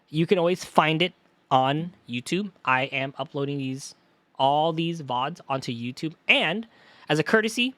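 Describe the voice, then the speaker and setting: Young male streamer, loose jokey ramble, a touch high-pitched, dry close mic. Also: fairly bright tone, no echo. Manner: rambling, self-correcting, jokey. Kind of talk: casual live-stream chat.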